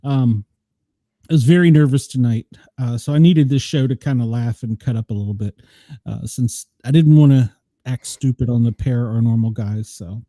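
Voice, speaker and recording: A man's voice: medium pitch, normal speed, mellow, dry recording, clean studio sound. A middle-aged man from the US South, hosting a casual chat show and telling stories, laughing often. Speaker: podcast host.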